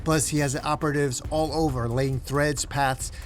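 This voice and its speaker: A man voicing Harley Quinn, a brash and frantic young woman, in a comic recap, giving terse warnings and panicked shouts. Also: on the high side, fairly even intonation, normal speed, soft background music, lightly acted. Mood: tense warning.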